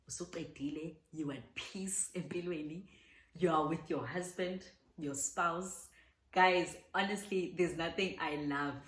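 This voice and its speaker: A woman's voice: sits low, roomy sound, rough recording. A young South African woman chatting heartfelt and casual as she answers viewer questions, slipping in Zulu words. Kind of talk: casual Q&A chat.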